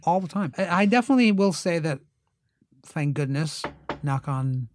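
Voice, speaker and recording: An actor and TV writer, appearing as a guest in a casual interview, tells animated stories and acts out other people's voices with big jumps in pitch. He speaks at a moderate pace, with slight background noise.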